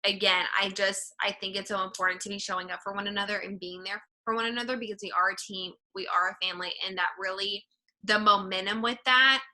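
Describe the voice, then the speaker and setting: A woman's voice: mid-range voice, fairly even intonation, fast talker, pushed and bright, rough recording. A woman giving an earnest, encouraging motivational talk to her team, full of "like" fillers. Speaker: team leader.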